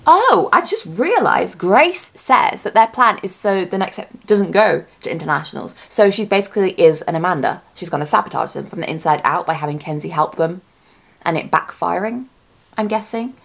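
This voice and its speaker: A woman talking casually as a YouTuber reacting to a trailer, chatty and excitable, thinking aloud and correcting herself as she goes. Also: on the low side, moderate pace, creaky. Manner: speculative fan talk, often self-correcting.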